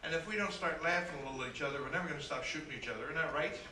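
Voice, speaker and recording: A man doing stand-up comedy as a cruise ship entertainer, telling brisk jokes with asides to the crowd. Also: on the high side, noisy background. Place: cruise ship show room. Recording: echoey room from a distance, live band.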